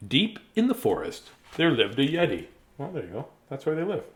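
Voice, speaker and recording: Reading a bedtime picture book on a live stream, this host keeps stopping for chatty asides and chuckles between lines. His voice is medium in pitch but swoops wildly, and he moves at a brisk pace.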